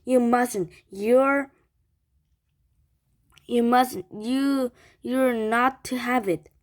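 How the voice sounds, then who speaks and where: A woman voicing an anxious young boy who pleads urgently, in a higher voice than her own. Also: fairly even intonation, extremely slow. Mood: pleading.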